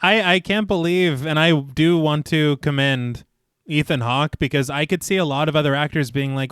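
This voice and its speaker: A man's voice: fairly high pitch, moderate pace, clean tone, no echo, clean studio sound. A man co-hosting a horror podcast, chatting casually about a film and cursing now and then. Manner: relaxed, swears casually, short reactions. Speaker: podcast co-host. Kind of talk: casual chat.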